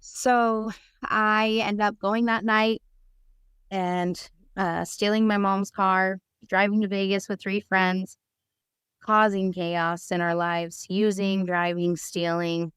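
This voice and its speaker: A woman's voice: medium pitch, little pitch movement, slow pace, fairly bright tone, clean tone, dry recording, clean studio sound. A woman guest on a podcast telling a personal story candidly and vividly, acting out the dialogue she recalls. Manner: vivid storyteller who acts out quoted dialogue; earnest and candid.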